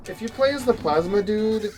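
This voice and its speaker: A man's voice: high-pitched, expressive, normal speed, darkish tone, soft background music, low-quality recording. A man chatting casually while playing a video game, easygoing, laughing along and giving hedged tips. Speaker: co-player.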